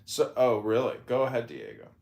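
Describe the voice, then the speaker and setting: Deliberate man steering the chat. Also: medium pitch, wildly swooping pitch, vocal fry, crowd noise. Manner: directive, slow and deliberate. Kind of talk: casual podcast chat. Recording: echoey room, faint noise.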